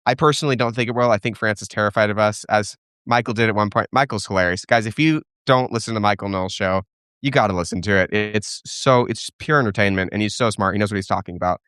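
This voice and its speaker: A man's voice: lowish voice, fast, fairly bright tone, clean tone, no room sound, studio quality. A young man hosting a live question-and-answer stream, giving opinionated answers as he thinks aloud, with restarts and fillers. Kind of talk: casual live-stream commentary.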